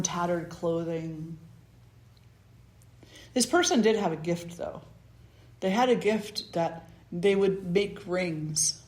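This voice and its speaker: Slow, low-voiced woman spiritual teacher. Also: a little mellow. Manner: measured, earnest, storytelling. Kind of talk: storytelling sermon. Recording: roomy echo.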